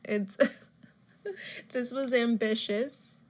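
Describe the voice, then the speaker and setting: A woman's voice: a little high, drawn-out words. A woman co-hosting a casual podcast, teasing her partner and laughing easily. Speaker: podcast co-host.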